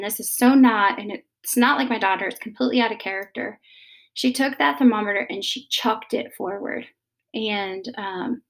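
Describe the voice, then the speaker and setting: A woman, in her thirties, talking casually and gently about parenting, with many pauses and fillers. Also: medium pitch. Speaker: mother giving parenting advice. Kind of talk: casual advice talk.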